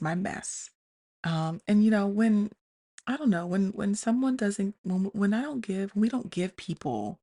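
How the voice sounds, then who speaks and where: A woman talks through her own relationships in a candid, self-questioning monologue. Her voice sits low and carries a gravelly fry, and she keeps circling back and restarting her thoughts as she speaks to her listeners. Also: a little mellow. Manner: addresses listeners as "y'all". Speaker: podcast host.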